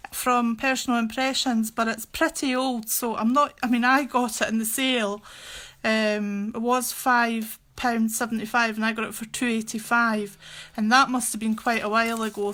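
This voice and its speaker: Bright, slow-talking chatty woman host. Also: on the high side. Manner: chatty, giggly, gushing. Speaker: craft livestream host. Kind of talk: casual crafting livestream chat. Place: home craft room.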